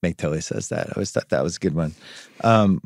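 A middle-aged man hosting a podcast, chatting casually about a film in a relaxed, dry way and quoting its lines. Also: low voice, fast, dry recording. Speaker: podcast host. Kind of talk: casual movie chat.

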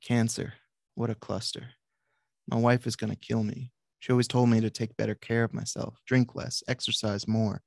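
A man's voice: mid-range voice, little pitch movement, creaky, darkish tone, dry recording, close to an everyday voice. A man reading the lines of a blunt, crude patient in his sixties, staying close to his own voice. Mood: shaken. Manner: blunt and crude, quick to snap.

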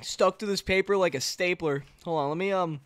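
A man hosting a live gameplay stream, excitable and joking, often yelling to his co-player. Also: high-pitched, a little fast, no room sound. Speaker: streamer host.

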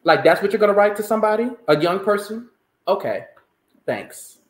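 A male countertenor singer telling his story as an interview guest, animated and emphatic in conversation. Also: high-pitched, moderate pace. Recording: roomy echo.

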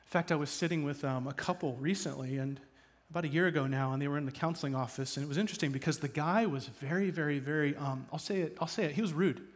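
A man preaching a sermon as pastor, shifting from loud emphatic bursts to hushed asides. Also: a little high, fast talker. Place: church.

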